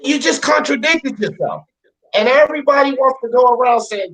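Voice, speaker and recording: A man rants on his live panel show. His voice sits high and swings widely in pitch. He gets heated and profane, repeating lines to drive them home. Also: expressive, normal speed, fairly bright tone, poor audio. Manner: fired up, repetitive, profane. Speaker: host of a boxing talk show.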